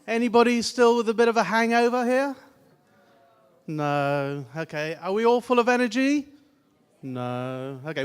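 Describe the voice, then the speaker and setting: A man giving a conference keynote, loudly and playfully coaxing the audience through a laughter exercise. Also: high-pitched, sing-song, measured pace, clear, resonant tone. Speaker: keynote speaker. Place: conference hall.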